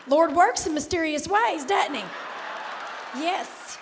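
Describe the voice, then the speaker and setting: A woman from Kentucky with a Southern accent and a raspy voice, performing a sassy stand-up set. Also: very high-pitched, lively intonation, takes it slowly, long pauses. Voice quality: raspy, hoarse-sounding voice all the time. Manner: sassy, drawling, loud bursts to the crowd. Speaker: stand-up comedian. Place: large theater stage. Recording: live stage with hall echo, faint noise.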